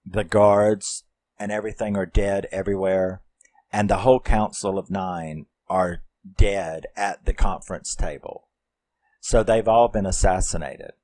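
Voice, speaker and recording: Guy going over a movie plot real slow, kinda low voice, rambly, drops the odd swear. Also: fairly even intonation, a little mellow, no room sound, rough recording. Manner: rambling, loose, with many fillers and some swearing. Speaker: film reviewer. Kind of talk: casual plot recap.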